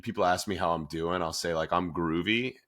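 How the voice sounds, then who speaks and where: A man hosting a podcast, chatting casually with self-deprecating, animated asides. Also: sits low, fairly quick. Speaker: podcast host. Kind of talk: podcast conversation.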